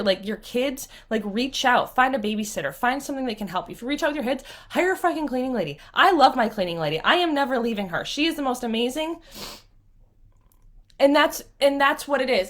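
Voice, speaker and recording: A woman's voice: fairly high pitch, fairly bright tone. A woman talking straight to her viewers in a raw, rambling vlog, swearing freely and close to tears. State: near tears. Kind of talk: emotional live vlog to viewers.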